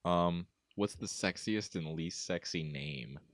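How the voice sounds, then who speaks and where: A young man co-hosting a podcast, asking quick questions in casual chat, laughing often and filling with "like" and "um". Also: low voice, dry recording. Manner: chatty, laughs often, hedges with "like" and "um".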